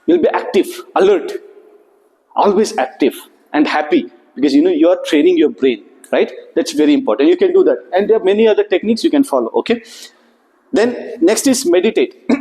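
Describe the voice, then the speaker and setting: A man giving a lively motivational workshop to students, often checking in with a rising "okay?". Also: high voice, brisk. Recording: echoey hall recording.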